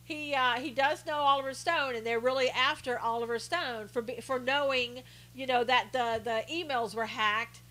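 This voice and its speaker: A woman's voice: sits high, fairly even intonation, moderate pace, hardly any pauses, sharp tone, poor audio. A woman hosting a live stream, talking casually about the news and greeting viewers by name as she reads their comments. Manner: chatty, reads viewer comments aloud, many restarts.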